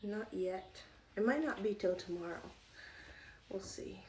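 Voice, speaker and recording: Woman, live streamer, casual home chat, slow pace, breathless, light noise. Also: mid-range voice, a little mellow. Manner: chatty, talks to herself, swears casually. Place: home indoors.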